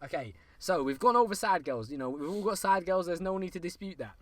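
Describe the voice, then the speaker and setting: A man's voice: sits high, lively intonation, fast, a bit bright. A young English man co-hosting a comic podcast, giving mock advice in an exaggerated put-on street-slang voice. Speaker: podcast co-host.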